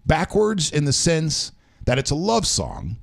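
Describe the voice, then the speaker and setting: A man's voice: a little high, wildly swooping pitch, a little slow, vocal fry. A man hosting a casual talk show, reading out quotes and rambling with frequent self-corrections. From American South. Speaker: show host. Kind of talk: casual radio show chat.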